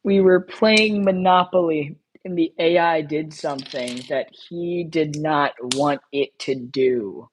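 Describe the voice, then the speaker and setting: A woman's voice: low voice, takes it slowly, hardly any pauses, a little hiss or hum, poor audio. A woman streamer chatting casually on a live stream, rambling and repeating herself as she talks straight to her viewers.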